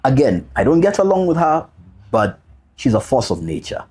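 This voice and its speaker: Husky-voiced man telling a heartfelt story. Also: medium pitch, very animated, normal speed, darkish tone. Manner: heartfelt, repeats key phrases for emphasis; casual slang mixed with earnest reflection. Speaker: podcast guest, single father. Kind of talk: personal storytelling in a podcast interview.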